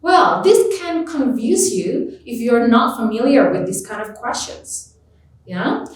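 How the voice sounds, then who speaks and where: A woman, a native Indonesian speaker, teaching an English test lesson, slowly repeating example words with clear stress. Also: a little high, animated, a little hiss or hum. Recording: echoey room, voice far from mic.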